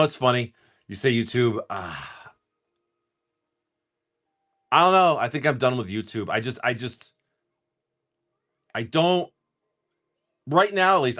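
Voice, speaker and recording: While cracking open trading card packs on a stream, a man with a medium-pitched, fairly bright voice keeps up a relaxed, rambling, foul-mouthed patter with lots of restarts.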